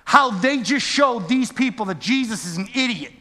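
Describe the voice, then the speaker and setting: A male preacher with a high, bright voice delivers a storytelling sermon. He drops into quiet asides and then climbs back up to near-shouting. The sound carries the long echo of a large church hall. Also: animated, moderate pace.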